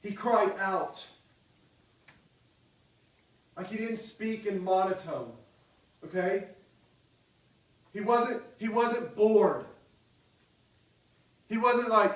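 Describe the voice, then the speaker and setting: A man preaching a sermon with great passion, swinging from loud cries down to soft pleading. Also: high voice, takes it slowly, pauses often, far from the mic. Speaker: pastor. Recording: echoey hall, voice from off the mic.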